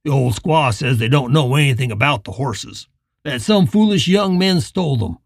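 A man's voice: mid-range voice, expressive, moderate pace, vocal fry, dry recording, clean studio sound. A man voicing a posse rider who reports back in a matter-of-fact way.

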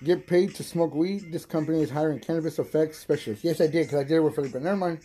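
A young man hosting a casual stoner podcast, high, rambling and profane, laughing often. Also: fast, dark tone. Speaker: podcast host.

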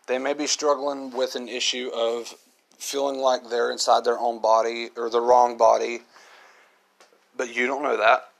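A man's voice: medium pitch, gravelly, a bit bright. A man hosting his own podcast, talking in an earnest, reflective monologue and often repeating himself. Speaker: podcast host.

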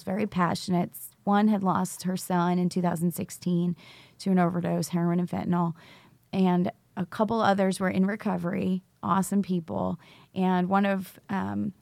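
Animated storytelling woman, dry close sound. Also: medium pitch, creaky, dry recording. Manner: animated storyteller acting out quoted dialogue. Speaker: teacher, recovery school founder. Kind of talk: interview storytelling.

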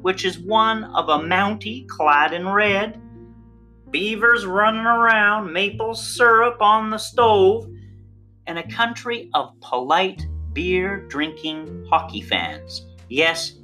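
A course instructor giving a recorded online lecture, playful and theatrical, with big swings in pitch for emphasis. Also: sharp tone. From Canada.

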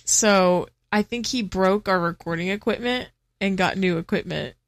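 A woman's voice: mid-range voice, moderate pace, dry recording. A young woman co-hosting a casual podcast, bubbly and teasing, laughing often. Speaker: podcast co-host. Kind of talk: casual chat. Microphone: studio headset mic.

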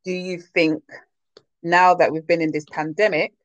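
Animated woman host, dry close sound. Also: fairly low pitch, normal speed, dry recording, muffled recording. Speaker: podcast host. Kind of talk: casual chat.

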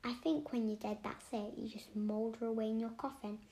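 A woman voicing a bold, clever young schoolgirl in a whispered role-play, close to her own hushed voice. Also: a little high, fairly even intonation, brisk, natural voice. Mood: teasing. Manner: hushed, matter-of-fact whisper.

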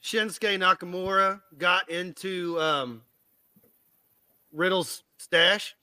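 A man with a high, bright and tense voice hosts a loose podcast chat, firing off teasing questions and laughing between them. His voice sits close and dry, with no room sound around it. The delivery is quick and playful. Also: fairly even intonation, dry recording. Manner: bantering, fires off questions, laughs often. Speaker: podcast host. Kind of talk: casual wrestling podcast chat.

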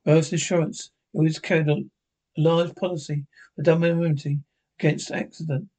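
A man reading a horror film script aloud, with dialogue and sound cues, in a flat way with small slips. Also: on the high side, moderate pace. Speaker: reader.

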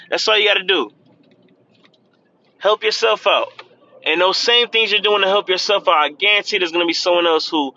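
A man's voice: high-pitched, sharp tone, muffled recording. A man giving casual, earnest pep talk while driving, repeating himself and calling the listener "man". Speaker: podcast host. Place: in a car, driving.

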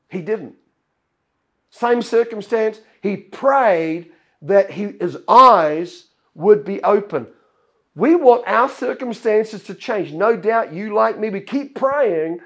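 Male pastor, higher-pitched voice, storytelling sermon delivery. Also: fairly bright tone. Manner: storytelling, acts out Bible characters' lines.

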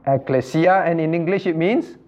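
A man's voice: fairly high pitch, moderate pace, a little mellow. A male pastor teaching a Bible study. He repeats key phrases and quizzes his listeners by name. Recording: muffled lo-fi recording.

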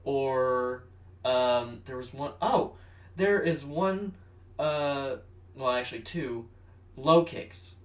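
Male co-host, mid-pitched, wry chatty talk, echoey room, mic at a distance. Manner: chatty, wry, knowledgeable about martial arts. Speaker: podcast co-host. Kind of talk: casual movie review chat.

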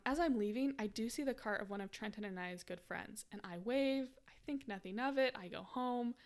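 A woman in her twenties hosting a podcast, telling a story casually with lots of "like" fillers and laughter. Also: mid-range voice. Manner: chatty, frequent "like" fillers, laughs while telling. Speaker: podcast host.

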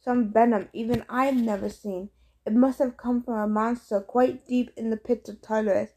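A woman reading the part of a wise, kindly old male centaur teacher, speaking gently and formally. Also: fairly high pitch, steady tone, moderate pace. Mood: grave.

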